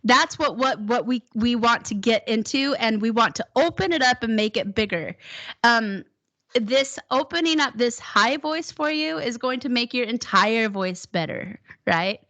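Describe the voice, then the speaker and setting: A woman teaching a one-on-one singing lesson, encouraging her student and demonstrating high whoops. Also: animated, unhurried, fairly bright tone.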